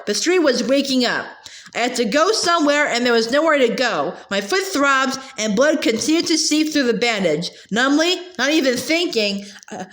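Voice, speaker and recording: High-voiced woman reading a novel aloud. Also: a bit bright. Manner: halting, with many filler sounds and restarts. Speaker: audiobook reader.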